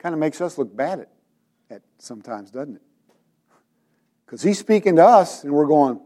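A man's voice: a little high, lively intonation, normal speed, long pauses, warm tone. A man preaching a sermon to a congregation, retelling scripture and asking his listeners direct questions. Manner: dramatizes scripture with quoted voices. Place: church.

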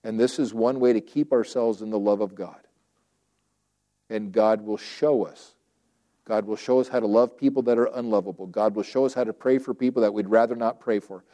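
A man's voice: lowish voice, fairly even intonation, moderate pace, dark tone. A man preaching a sermon in a conversational way, acting out quoted prayers and objections and often restarting phrases.

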